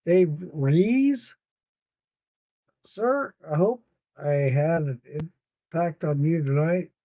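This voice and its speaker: A tired, yawning man hosts a laid-back late-night livestream podcast, reading viewer comments aloud while rambling, cursing, and laughing. His voice is fairly high and warm, he takes his time, and the recording is dry.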